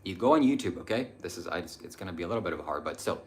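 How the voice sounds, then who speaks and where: Young male live-stream host, low-pitched, earnest, meandering delivery full of ums. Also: expressive, very fast, a little mellow. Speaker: livestream host answering viewer chat. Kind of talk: casual live-stream talk on spirituality.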